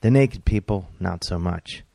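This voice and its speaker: A man, a comedian and author, reading his own comic story aloud in a wry, deadpan way with bursts of exasperation. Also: deep voice, a little slow, vocal fry, no room sound.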